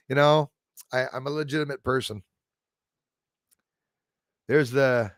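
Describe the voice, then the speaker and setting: A man's voice: medium pitch, steady tone, slow, long pauses, no room sound, studio quality. A man hosting a livestream from a rural home, rambling and chatty as he reads viewer comments aloud. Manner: rambling, chatty, jumps between topics. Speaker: channel host.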